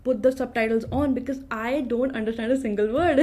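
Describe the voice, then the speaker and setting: A woman's voice: a little high, steady tone, a little fast, darkish tone. A woman from India with an Indian accent, a native Hindi speaker, chatting earnestly as a podcast guest and laughing often. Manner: earnest, laughs often, many "like" and "you know". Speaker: staff writer, podcast guest. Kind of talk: casual chat.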